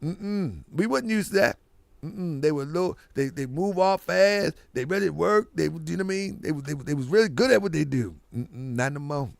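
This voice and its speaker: A man hosting a casual live stream, rambling and animated and breaking into loud laughter. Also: on the high side, normal speed, gravelly, dry recording.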